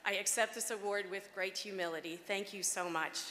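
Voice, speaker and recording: A woman's voice: medium pitch, fairly even intonation, a little fast, sharp tone. A woman in her fifties giving an award acceptance speech at a gala, heartfelt, with frequent ums and restarts, on a podium microphone. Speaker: award honoree. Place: gala banquet hall. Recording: echoey hall with faint background noise.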